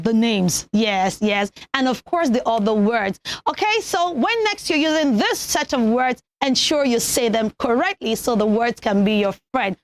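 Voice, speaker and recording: A young woman presenting a children's TV pronunciation lesson, enunciating slowly and deliberately and cheering the kids on. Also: sits high. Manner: slow, deliberate teacherly enunciation, encouraging.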